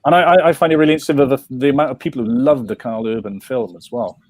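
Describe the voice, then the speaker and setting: A man's voice: medium pitch, quick pace, darkish tone, dry recording. A Welsh man, a comics writer, talking in an interview, rambling with many restarts and fillers. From Wales. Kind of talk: interview conversation.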